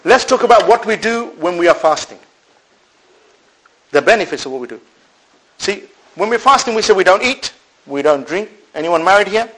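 A man's voice: sits high, normal speed, pauses often, low-quality recording. A man preaching a sermon to a live audience, asking rhetorical questions and answering them himself, with Arabic religious phrases woven in. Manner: animated, swings between loud and soft. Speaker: Islamic preacher.

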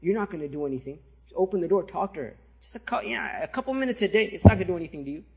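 A sly male devil whispers coaxing temptations, put on by a man telling a story. The voice sits high and a little husky. It stays soft and persuasive throughout. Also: lively intonation, racing, full character voice.

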